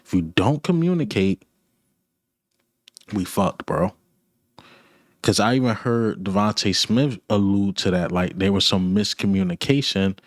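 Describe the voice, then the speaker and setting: A man's voice: on the low side, animated, measured pace, long pauses, no room sound, studio quality. A man ranting about his football team, blunt, frustrated and repetitive, in casual sports talk. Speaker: sports commentator.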